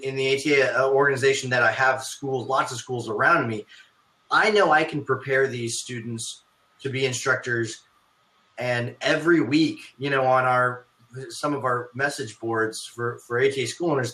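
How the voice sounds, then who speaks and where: A man's voice: mid-range voice, bright, forceful tone. A man who runs martial arts schools, hosting a casual podcast chat and thinking aloud with many restarts. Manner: thoughtful, rambling, with many restarts. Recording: roomy echo.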